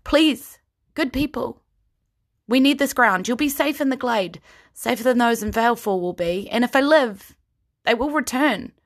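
A woman's voice: on the high side, animated, a little slow, voice pushed up. A woman voicing a determined young female spellcaster who pleads urgently.

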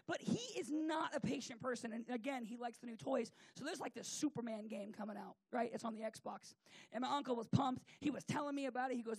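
A man's voice: very high-pitched, brisk, husky, no echo. A man preacher telling a rambling, joking story in a comic sermon, full of fillers.

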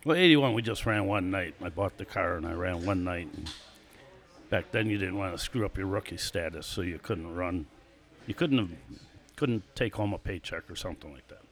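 A man's voice: low voice, animated, normal speed, a bit bright. Older man spinning chatty racing anecdotes. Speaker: guest, former stock car racer. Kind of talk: casual storytelling interview. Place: live show.

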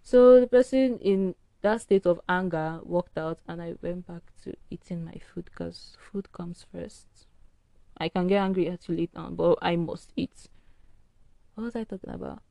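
A woman's voice: fairly low pitch, moderate pace, creaky, warm tone, no room sound. A tired woman hosting a solo podcast, rambling frankly in a casual early-morning rant. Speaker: podcast host. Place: indoors at home early morning.

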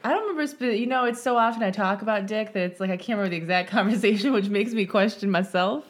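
A woman's voice: medium pitch, fast. A young woman co-hosting a podcast live stream, chatting casually, crude and joking, often talking over her partner. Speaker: podcast co-host. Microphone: computer mic on a live stream.

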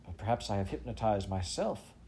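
A man's voice: on the low side, expressive, fairly quick, mellow, slight background noise. A man doing a dithering, bewildered old scholar. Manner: hesitant and uneasy. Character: bewildered, anxious older male scholar.

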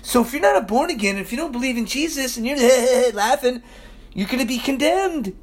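A man's voice: very high voice, lively intonation, a little fast, husky. A pastor preaching a sermon to his church, talking emphatically and casually with slang asides.

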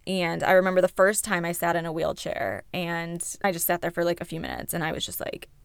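A young woman speaks frankly and emotionally about a hard time in her life, swearing now and then. Her voice sits low with a gravelly fry. The recording is close and dry, with no room sound. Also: brisk, no echo. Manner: candid, emotional, swears freely. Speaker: accident survivor telling her story. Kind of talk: personal storytelling to camera.

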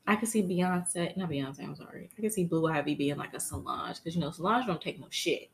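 A woman hosting a podcast, chatting in an animated, slangy, playful way. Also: sits low, brisk, a little hiss or hum. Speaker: podcast host. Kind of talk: casual chat.

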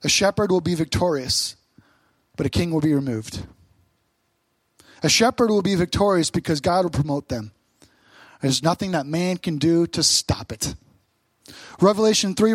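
A man's voice: high voice, no echo. A man preaching a sermon as pastor, stressing short repeated phrases.

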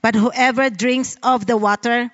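A woman with a Filipino accent reads scripture aloud and then explains it in an earnest sermon. Her voice sits a little high. The recording is muffled and carries a long reverb tail. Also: fairly even intonation, unhurried, fairly bright tone. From Philippines. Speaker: Bible study speaker. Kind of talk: sermon with Bible reading.

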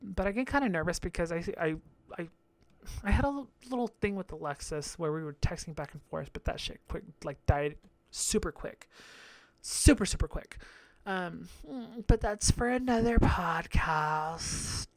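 A man's voice: sits high, moderate pace. A man hosting a podcast, recapping a reality show in a brash, profane, gossipy way with frequent laughter. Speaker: podcast host.

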